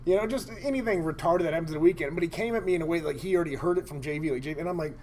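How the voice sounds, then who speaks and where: Fast-talking rambling man telling stories. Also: a little high. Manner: rambling, animated, laughing. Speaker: podcast co-host. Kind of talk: crude storytelling chat.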